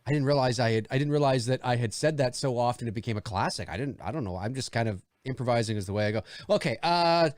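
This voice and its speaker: A man's voice: medium pitch, expressive, fast, few pauses, no echo. A man hosting a podcast in casual, crude, joking chat, reading listener questions aloud. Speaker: podcast host.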